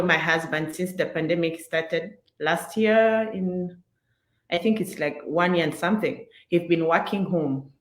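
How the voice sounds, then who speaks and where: A woman giving a halting testimonial on a video call, full of "like" fillers. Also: low-pitched, roomy sound. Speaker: business member. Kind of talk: casual testimonial.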